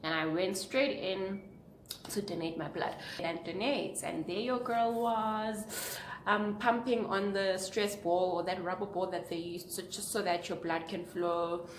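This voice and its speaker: A woman's voice: fairly even intonation, measured pace. A young woman vlogger giving an earnest, preachy motivational talk to camera, asking her viewers question after question. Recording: echoey room with faint rumble.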